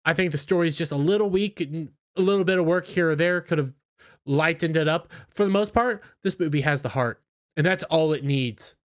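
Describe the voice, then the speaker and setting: A man's voice: fairly high pitch, fairly quick. A man giving opinionated commentary in an indignant, scornful, ranting manner. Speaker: YouTube commentator.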